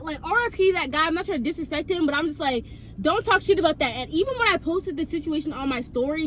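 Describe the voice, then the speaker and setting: A young woman with a high, bright-toned voice recounts a story straight to camera. She swears freely, repeats herself and restarts her sentences in a loose, animated way. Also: a little hiss or hum. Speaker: vlogger.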